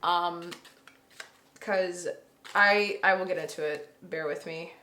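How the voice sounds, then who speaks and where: A woman's voice: on the low side, steady tone, takes it slowly, sharp tone, echoey room, a little hiss or hum. A woman chatting casually to camera as she lays out a tarot reading, thinking aloud and breaking into gushing bursts. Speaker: tarot reader. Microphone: camera mic.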